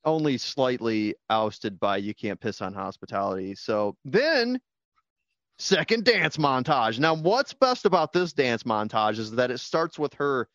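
A man co-hosting a casual podcast, rambling excitedly through his favorite scenes with plenty of filler. His voice sits at an average pitch. The recording sounds dull and lo-fi, with a dry, close sound. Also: a little slow, no echo. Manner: rambling, animated, quotes movie lines in put-on voices. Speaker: podcast co-host. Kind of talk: casual movie-review chat.

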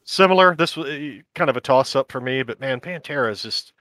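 A man co-hosting a podcast in casual chat, enthusiastic and quick to laugh. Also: mid-range voice, animated, a bit bright, no echo. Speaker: podcast co-host.

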